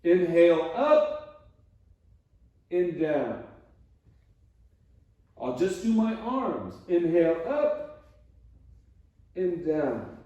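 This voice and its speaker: A man's voice: a little high, sing-song, extremely slow, long pauses, mellow, highs cut off. A man leading a guided floor stretching class, playful and encouraging as he counts breaths and reps. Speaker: exercise instructor. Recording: roomy echo, mic at a distance.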